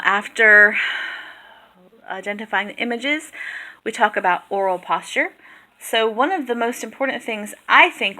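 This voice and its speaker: A woman's voice: mid-range voice, bright, forceful tone, poor audio. A woman giving an informal class presentation on a dialect, chatty and full of ums and self-corrections. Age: adult with a young daughter.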